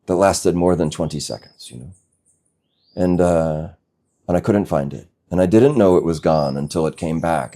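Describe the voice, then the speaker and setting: Deep, mellow-voiced spiritual teacher. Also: male voice. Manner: slow, gentle, reflective, with soft laughs. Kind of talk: satsang talk.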